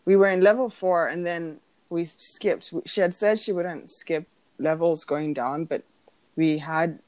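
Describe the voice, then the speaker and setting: A woman's voice: fairly low pitch, unhurried, no room sound. Woman telling a story in a dry room. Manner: animated storytelling, acts out quoted voices, laughs often. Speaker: podcast co-host. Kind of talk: casual chat.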